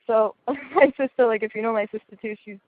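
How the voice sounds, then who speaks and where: A woman's voice: on the high side, steady tone, a little fast. A woman telling a story in casual chat, blunt and laughing often. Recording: tinny phone-like line.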